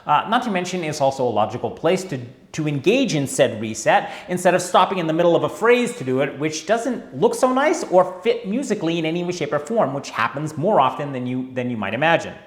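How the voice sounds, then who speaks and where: A man's voice: on the high side, very animated, fairly quick, hardly any pauses. A man teaching a dance lesson in a chatty, wry way, often checking in with his viewers. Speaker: tango teacher. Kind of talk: instructional video talk. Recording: echoey room.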